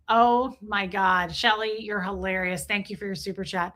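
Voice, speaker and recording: A woman's voice: medium pitch, moderate pace. A woman in her forties hosting a live stream, chatting casually and crudely while reading viewer comments aloud. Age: 40s. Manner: crude, joking, animated, reads chat aloud. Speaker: livestream host reading chat.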